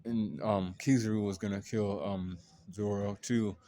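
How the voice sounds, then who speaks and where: A man's voice: lowish voice, steady tone, unhurried, dark tone. A man casually retelling a long story in a loose, rambling way, with lots of fillers and swearing. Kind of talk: casual anime recap.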